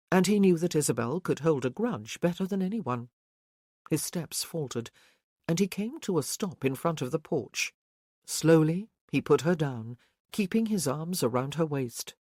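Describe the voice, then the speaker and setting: A woman reads a historical romance audiobook in a steady, even storytelling voice. Her voice sits a little low for a woman. The recording is close and dry, with no room sound. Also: unhurried, no room sound. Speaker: audiobook narrator. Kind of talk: scripted romance narration.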